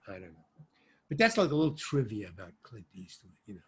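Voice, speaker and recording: An older man, an actor and stand-up comedian, telling rambling anecdotes as an interview guest, with sudden swings between loud and soft. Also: fairly low pitch, big pitch swings, brisk, slightly rough. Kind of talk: casual anecdotal storytelling.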